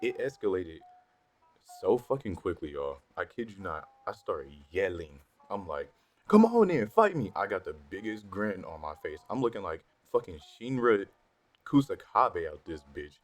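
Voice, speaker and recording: Deep-voiced young man telling a story. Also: normal speed. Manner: profane, slangy, animated when worked up. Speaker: storytime vlogger. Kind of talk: casual storytelling. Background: faint background music.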